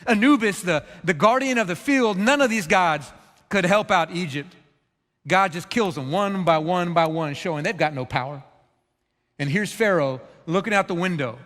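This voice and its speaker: A male pastor preaching a sermon, animated, at times dropping to a hushed voice. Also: high-pitched, moderate pace, big-room sound. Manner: animated preaching, drops to a hushed voice for quoted regrets. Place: church.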